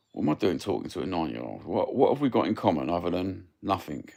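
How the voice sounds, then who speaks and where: A man with a broad Cockney accent rambles through a casual live-stream chat, cheeky and quick to swear. His voice sits low with a gravelly, rough edge. He sounds middle-aged. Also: a little mellow. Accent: Cockney London. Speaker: livestream host.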